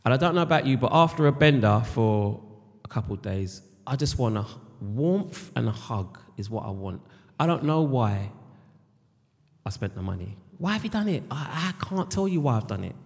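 A man's voice: mid-range voice, big pitch swings, normal speed. A middle-aged British man giving a candid personal testimony about his recovery, rambling and repeating words and phrases. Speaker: speaker sharing his recovery story. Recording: long hall reverb.

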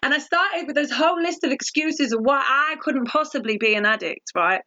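A woman's voice: high-pitched, lively intonation, moderate pace, sharp tone. A woman giving a blunt, candid recovery testimony, swearing freely. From England. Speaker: recovery speaker. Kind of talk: personal testimony talk. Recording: dull lo-fi audio.

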